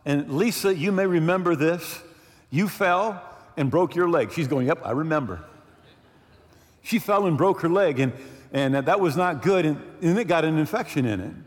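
Animated pastor preaching in a reverberant hall. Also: male voice, fairly high pitch, moderate pace. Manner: storytelling, animated, many restarts and asides to the congregation. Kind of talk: sermon. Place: church sanctuary.

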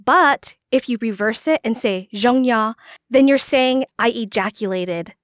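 A woman's voice: fairly high pitch, measured pace, no room sound. Woman co-host with a dry close sound. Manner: explanatory, brings up examples and clips. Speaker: podcast co-host. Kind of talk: casual chat.

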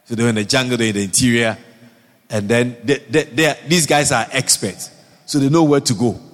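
A man's voice: medium pitch, a little fast. Man preaching in echoing hall. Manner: animated, repetitive, asks the audience questions. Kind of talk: sermon. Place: church hall. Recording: long hall reverb.

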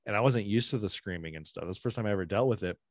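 A middle-aged man co-hosting a podcast, animated and opinionated in casual chat. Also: on the low side, racing, no room sound, clean studio sound. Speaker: podcast co-host.

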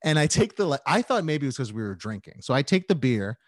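A man's voice: mid-range voice, very animated, brisk, dry recording, studio quality. A man on a podcast telling a story in casual chat, rambling and profane with a self-mocking edge. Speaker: podcast co-host.

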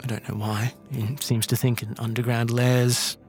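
A man voicing an elderly female crime matriarch who speaks quietly and condescendingly in a tabletop game. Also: mid-range voice, flat delivery, moderate pace, faint music behind, lightly acted. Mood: cold menace.

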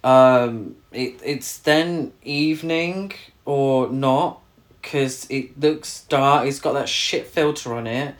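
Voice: medium pitch, takes it slowly. A co-host in casual podcast chat, rambling and swearing in exasperation about a film.

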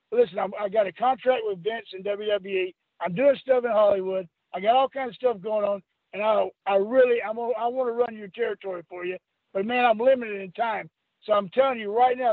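A man's voice: high-pitched, no room sound. An older man, a former wrestler being interviewed, telling a long rambling story and laughing as he acts out what people said. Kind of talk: storytelling anecdote. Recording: phone-line audio.

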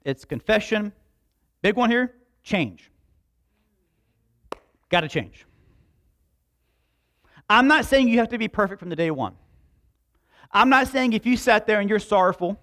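A man's voice: high voice, fairly bright tone. A man preaching a sermon in a conversational way, with joking asides to the congregation. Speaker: pastor.

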